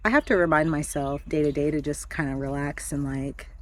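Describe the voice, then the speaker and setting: A woman in her thirties telling a personal story in a candid, chatty way, with frequent fillers and soft laughs. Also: sits low, fairly even intonation, a little fast. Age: 30s. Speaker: vlogger. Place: backyard with chickens.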